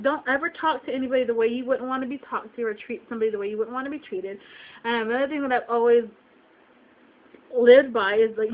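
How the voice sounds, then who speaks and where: A young woman with a slightly high voice vents to her webcam, upset and close to tears. She repeats herself and throws out rhetorical questions. The audio is dull and lo-fi. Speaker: vlogger. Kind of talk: emotional venting to camera.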